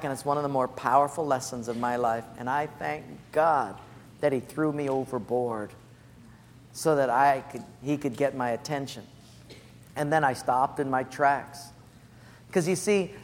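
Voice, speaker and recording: A male pastor delivers a sermon, emphatic and direct as he tells the congregation what to write down. His voice sits a little high for a man. The recording carries the long reverb of a church hall with faint ambience behind. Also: a little hiss or hum.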